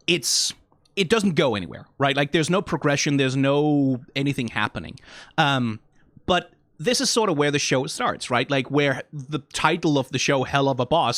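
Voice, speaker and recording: A man's voice: a little high, fairly bright tone, no room sound, studio quality. A young man talking in casual commentary as a video reviewer, rambling, with lots of restarts and fillers.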